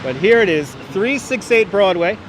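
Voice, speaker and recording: Walking busy city streets outdoors, a livestream host with a high-sitting, animated voice chats at a moderate pace, reading comments and welcoming viewers by name. Faint traffic sounds in the background as he uses a wireless clip-on mic and a phone on a gimbal.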